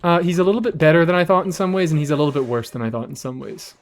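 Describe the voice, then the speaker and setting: A man streaming a game live, chatting casually with his audience in an animated, rambling way and swearing freely. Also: a little high, racing.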